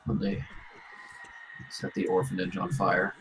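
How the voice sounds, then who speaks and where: A man as game master, narrating a tabletop role-playing scene in a grave, unhurried second-person storytelling manner. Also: low voice, monotone, a bit bright, slight background noise, rough recording.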